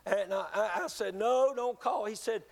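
A man preaching a sermon, telling a testimony in an earnest, halting way with many restarts. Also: high voice, gravelly. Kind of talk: sermon storytelling.

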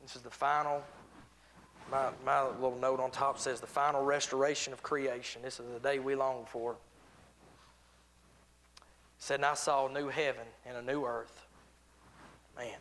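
A man's voice: medium pitch, level tone, normal speed, long pauses, a bit bright. A man preaching a sermon in church, reading King James scripture aloud and repeating phrases for emphasis, then leading a prayer. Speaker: visiting preacher. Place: church service.

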